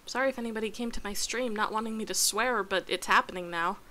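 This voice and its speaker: A woman's voice: mid-range voice, fast talker, noisy background. A woman streaming a video game live, reacting with exasperation and frequent swearing as she talks to the game. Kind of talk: live gameplay reaction commentary.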